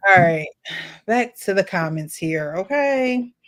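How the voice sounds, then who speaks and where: A woman hosting a casual group chat, animated and teasing. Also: mid-range voice, takes it slowly. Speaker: host.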